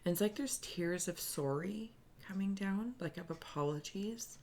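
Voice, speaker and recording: A woman giving a spiritual reading, speaking softly and earnestly in halting, searching phrases that she often restarts. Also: medium pitch. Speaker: spiritual reader. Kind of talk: improvised intuitive reading to camera.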